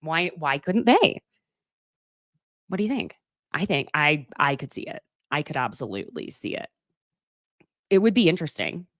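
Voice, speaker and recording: A woman's voice: low-pitched, very animated, moderate pace, long pauses, a bit bright, no echo, clean studio sound. A woman in her thirties hosting a casual live gossip chat, chatty and fond of pet names and self-mocking asides. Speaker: host of a gossip show.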